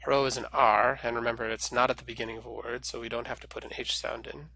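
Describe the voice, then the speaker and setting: A man's voice: mid-range voice, flat delivery, fast talker, sharp tone, no echo. A man giving a recorded language lesson, explaining pronunciation patiently and step by step. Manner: clear, patient, step-by-step teaching. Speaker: Greek language instructor.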